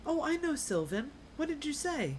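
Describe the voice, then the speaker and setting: A woman's voice: high-pitched, sing-song, normal speed, a little mellow, pitched above the performer's own voice. A woman playing a hesitant woman archer who stumbles over her words. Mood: sheepish. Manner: hesitant, repeats herself. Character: awkward woman archer, new to group life.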